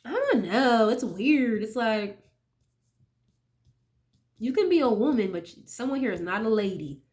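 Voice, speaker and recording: A woman's voice: a little high, lively intonation, a little slow, a little mellow. A young woman doing a casual tarot reading, chatty and sniffly as she gets over a cold, often checking in with "okay?". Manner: chatty, keeps asking okay, swears casually. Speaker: tarot reader.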